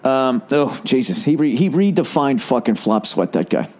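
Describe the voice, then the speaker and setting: A man in his forties talks on his podcast in a loose, comedic rant. His delivery is profane and animated, and he breaks into quick mocking impressions. His voice sits at an ordinary middle pitch. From United States. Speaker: podcast host. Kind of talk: casual comedic monologue.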